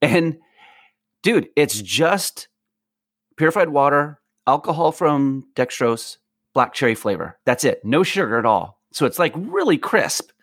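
Animated, laughing man chatting. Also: a little high, measured pace, no room sound, studio quality. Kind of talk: casual chat.

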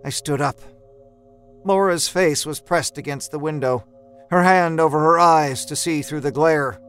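Man telling a horror story over soft music. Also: fairly high pitch, unhurried, smooth. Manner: tense, hushed narration with sudden shouts. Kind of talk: first-person horror story narration. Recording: narration with a faint music score.

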